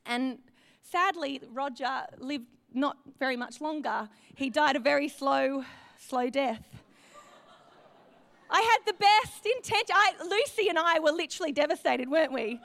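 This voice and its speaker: Animated high-voiced Australian woman. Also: unhurried, vocal fry, no echo. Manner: animated, acts out her own quoted thoughts. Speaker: church speaker. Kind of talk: storytelling talk to a church.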